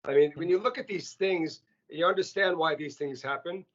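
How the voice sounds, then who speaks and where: Guy telling wild stories in an interview, kinda high voice, stumbles and repeats words, dull recording. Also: normal speed. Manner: animated, repeats words when excited. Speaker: restaurant CEO, interview guest. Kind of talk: casual storytelling interview. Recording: muffled lo-fi audio.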